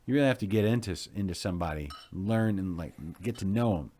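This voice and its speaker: A man's voice: low voice, fast, mellow, a little hiss or hum. A man hosting a casual chat show, joking loosely and trailing off mid-thought.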